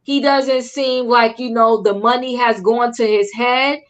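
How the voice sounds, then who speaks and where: A woman's voice: fairly high pitch, steady tone, unhurried, muffled recording. A woman hosting a casual recap chat, chatty and emphatic, often repeating herself. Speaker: host.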